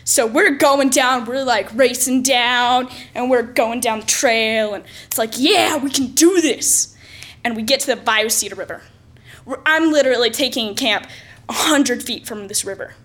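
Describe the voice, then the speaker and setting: A woman with a high voice tells a personal story aloud. She is animated and self-mocking and plays up the drama for comic effect. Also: moderate pace. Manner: lively, self-mocking, exaggerated.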